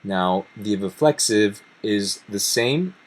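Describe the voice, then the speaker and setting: A man's voice: on the low side, animated, takes it slowly. A man teaching a language lesson, explaining grammar step by step and reading example sentences aloud. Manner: methodical, reads Spanish examples aloud between English explanations. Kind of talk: explaining grammar over slides.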